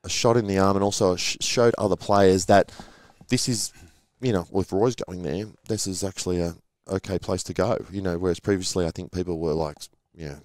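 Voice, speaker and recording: Brisk and steady, with few pauses, a low-pitched, somewhat mellow voice comes from a middle-aged man who used to play rugby league. In a relaxed interview, he chats through stories and imitates the voices of those he quotes.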